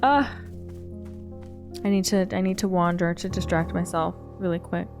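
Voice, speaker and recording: A woman's voice: on the low side, flat delivery, brisk, over music. A young woman gaming streamer giving casual, earnest commentary, rambling and openly emotional.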